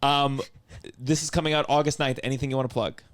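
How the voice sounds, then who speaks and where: A man's voice: mid-range voice, fairly even intonation, dry recording. Joking male podcast host, dry sound. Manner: joking, quick asides. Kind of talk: casual podcast chat.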